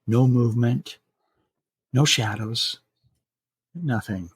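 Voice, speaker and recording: A man narrates a chilling bedtime story for his podcast, measured and drawing out the suspense. His voice is husky and mid-pitched, recorded dry and close. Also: no echo. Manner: measured, slowing for suspense, some restarts. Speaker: podcast host telling a scary story.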